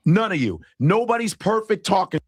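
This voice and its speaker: Defensive, husky-voiced male podcaster. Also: sits high, big pitch swings, normal speed, no echo, studio quality. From Chicago. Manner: defensive, profane, talks over others. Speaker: podcast host. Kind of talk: podcast talk.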